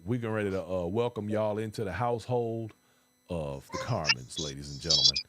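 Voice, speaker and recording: A man hosts a live-stream talk show in a somewhat low voice. He talks in loose casual slang with plenty of fillers. He keeps hyping upcoming events and shouting out viewers by name. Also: moderate pace, very noisy. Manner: lively hype with call-outs to viewers. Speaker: host.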